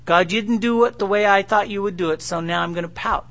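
A man's voice: high voice, fast talker, fairly bright tone. A man preacher acting out a weary, exasperated young prophet in a pleading, emphatic way. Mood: sulky.

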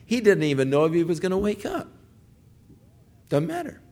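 A man's voice: high voice, very animated, moderate pace, darkish tone. An older man and grandfather preaching a sermon, telling stories and acting out pleading voices as he speaks. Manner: storytelling, acts out pleading voices.

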